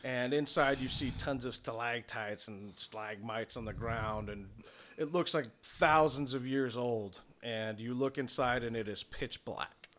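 A man's voice: medium pitch, measured pace, fairly bright tone, a little hiss or hum. A man narrating a tabletop game as game master, describing scenes unhurriedly with fillers.

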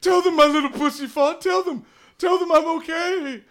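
A man voicing a cowardly man named Thaddeus who begs and cries in a high whiny voice. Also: fairly even intonation, normal speed, a bit bright. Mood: whimpering. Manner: whiny, high, crying and begging.

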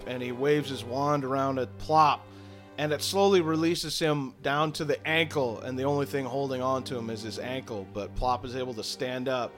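A man narrating a tabletop game as game master, loose, profane and playful. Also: mid-range voice.

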